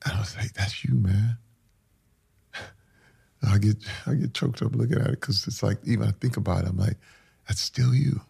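A man with a gravelly, husky voice gives a candid interview. He tells heartfelt personal stories in an earnest way, with a roughness and a bit of breath in his tone. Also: fairly low pitch, fairly quick, mellow. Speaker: interview guest.

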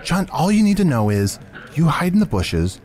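A man's voice: a little high, very animated, moderate pace, a little mellow. A man hosting an improvised comedy podcast, playful and easily flustered. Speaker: podcast host.

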